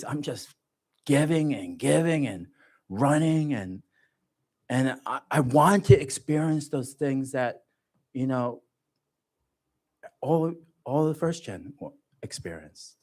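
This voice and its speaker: A man shares his own faith story at a church gathering, his pitch swinging widely as he talks. He speaks slowly and deliberately and pokes fun at himself along the way. He sounds like a storyteller speaking to a congregation. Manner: animated storytelling, self-joking, laughs often. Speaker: church speaker giving testimony. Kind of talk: personal testimony at a church livestream.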